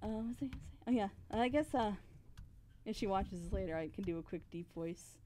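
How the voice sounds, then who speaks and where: A woman's voice: medium pitch, expressive, fairly quick, warm tone. A woman voice actress co-hosting a casual stream, effusive and giggly, laughing often as she chats.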